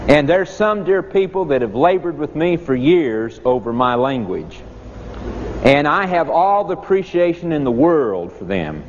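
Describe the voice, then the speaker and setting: A man preaching a sermon in a folksy storytelling manner. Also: a little high. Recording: dull lo-fi recording with long reverb and faint noise.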